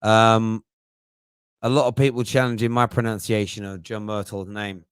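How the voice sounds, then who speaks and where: A man's voice: lowish voice, level tone, moderate pace, clean tone, no room sound, studio quality. A man hosting a fan phone-in show, chatting casually, thinking aloud and poking fun at himself. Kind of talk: casual live-stream chat.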